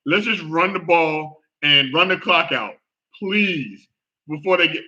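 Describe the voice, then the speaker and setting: A man hosting a casual football talk show, reacting out loud with groans and exclamations as he watches a game. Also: a little high, unhurried, dull audio. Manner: animated, exclaims and groans at plays. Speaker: sports podcast host.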